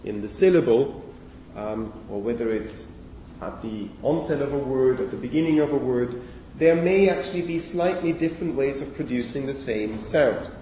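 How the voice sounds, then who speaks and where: A man gives a university lecture in a lecture hall, thinking aloud with frequent okays and fillers and correcting himself as he goes. His voice is mid-range and dark-toned, at normal speed with few pauses. The recording is echoey and taken from far off, with slight background noise.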